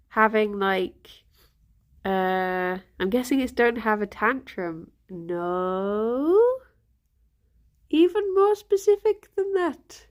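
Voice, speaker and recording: A young woman chatting casually with her stream viewers, rambling and giggly, sounding a little bunged up. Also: mid-range voice. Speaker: livestream host.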